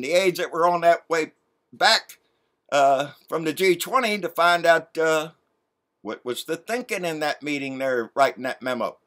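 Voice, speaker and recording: A man with a high, bright voice rants about politics. He is blunt and folksy, and he swears freely. His tone stays punchy and cutting throughout. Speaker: political vlogger. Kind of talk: political rant.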